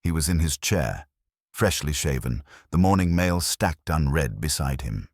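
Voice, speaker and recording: A man tells a detective story in a wry, first-person voice. His pitch is extremely low but moves a lot, and the tone is husky. The recording is dry and close. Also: lively intonation, a little slow, dry recording. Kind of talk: audiobook narration.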